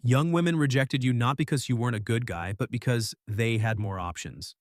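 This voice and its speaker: A man's voice: medium pitch, fairly quick, no echo, clean studio sound. Matter-of-fact male voice-over narrator.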